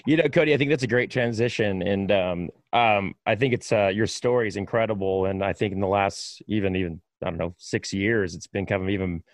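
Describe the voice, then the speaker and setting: A man's voice: lowish voice, a little fast, few pauses, dry recording. A man hosting a podcast, a radio broadcaster who tells stories with emphasis and enthusiasm in casual conversation. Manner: animated storyteller, emphatic.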